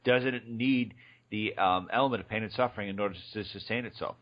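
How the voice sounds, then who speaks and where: A man's voice: on the low side, brisk. A man hosting a radio show, asking frank, searching questions and often restarting his sentences. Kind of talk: interview questioning. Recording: dull lo-fi radio audio.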